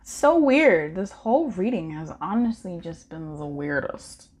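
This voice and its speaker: A woman's voice: on the low side, sing-song, a little slow, darkish tone, breathy edge. A woman doing a casual pick-a-card tarot reading, playful and slangy, with frequent laughter.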